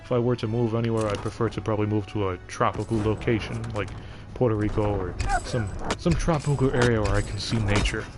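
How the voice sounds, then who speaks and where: A man's voice: fairly low pitch, steady tone, quick pace, music in the background. A young man streaming live, chatting casually in a rambling way with lots of fillers and restarts. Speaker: game streamer.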